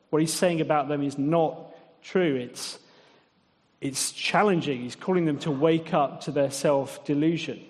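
A man's voice: on the high side, darkish tone. A man preaching a sermon in a conversational, wry way, often putting rhetorical questions to the congregation. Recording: long echoing reverb of a large hall.

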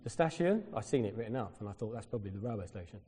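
Guy preaching, mellow tone, lively storytelling, big echoey church. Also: fairly low pitch, racing, breathy edge. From Britain. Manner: storytelling, animated when quoting others. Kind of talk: sermon.

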